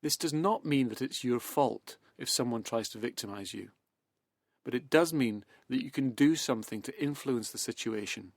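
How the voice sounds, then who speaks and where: A man in calm, measured self-help talk that leads into hypnosis, slowing and softening as he goes. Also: medium pitch, no echo, studio quality.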